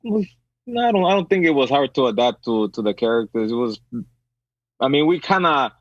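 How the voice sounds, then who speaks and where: A man's voice: mid-range voice, lively intonation, moderate pace, no room sound, dull audio. A man being interviewed as an actor guest, telling a story casually with lots of restarts and fillers.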